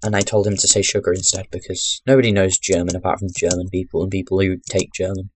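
A young man giving chatty, rambling commentary while playing a video game into his webcam microphone, breaking into sudden loud exclamations. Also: low-pitched, flat delivery, fast, slight background noise. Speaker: gaming commentator. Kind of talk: chatty let's-play commentary.

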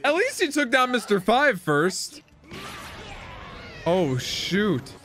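Guy reacting to anime, slow drawn-out talk, voice jumps way up and down, yells and laughs at the screen. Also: high-pitched, soft background music. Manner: excitable, laughs often, shouts at the screen. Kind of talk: casual reaction commentary.

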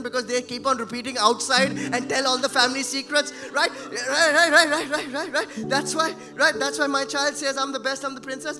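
A male pastor preaching a sermon in church, swinging between shouting and hushed tones. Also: very high-pitched.

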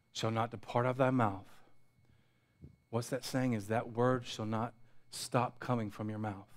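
A pastor preaching a sermon, building intensity through repetition and dropping to quiet asides. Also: male voice, medium pitch. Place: church sanctuary.

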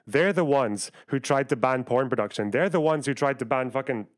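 A young man from the UK talks straight to his live chat, swearing often and jumping between rants and quick asides. His voice sits at an ordinary middle pitch, and he argues in rambling bursts full of "like" and "you know.". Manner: profane, argumentative, rapid asides to chat. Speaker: livestreamer. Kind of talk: live stream commentary, reacting to chat.

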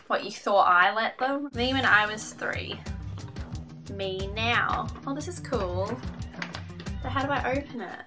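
Young woman, bubbly vlogger reading letters, music bed behind. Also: fairly high pitch. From Australia. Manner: bubbly, reads letters aloud with quick asides. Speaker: YouTuber reading fan mail. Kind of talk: casual vlog chat. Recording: music playing under the voice.

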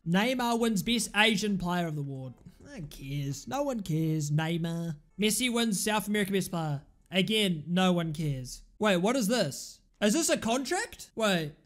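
Excitable high-voiced gamer man. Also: slight background noise. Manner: excitable, shouts at the game, swings between outbursts and mutters. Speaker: gaming commentator. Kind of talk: live let's-play commentary.

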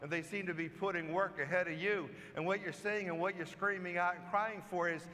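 Male pastor, high bright voice, conversational storytelling sermon, long church reverb. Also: steady tone, brisk. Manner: storytelling, conversational, acts out quoted lines.

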